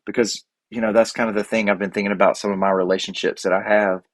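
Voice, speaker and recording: Rambling low-voiced man podcasting. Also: level tone, no room sound. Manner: rambling, halting, with many restarts and fillers. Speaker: podcast host. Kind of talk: casual solo podcast monologue.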